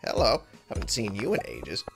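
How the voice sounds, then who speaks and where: A man's voice: on the low side, wildly swooping pitch, normal speed, vocal fry. A man giving casual let's-play commentary, chatting to himself as he plays. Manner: chatty, talks to himself while playing. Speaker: gaming video host. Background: game music.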